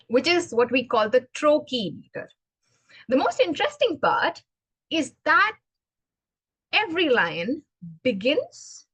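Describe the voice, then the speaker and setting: Woman speaking slow and earnest, fairly high voice, dry close sound. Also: slightly rough, no room sound, poor audio. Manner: earnest, measured, expressive. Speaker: club speaker. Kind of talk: prepared speech with poetry reading.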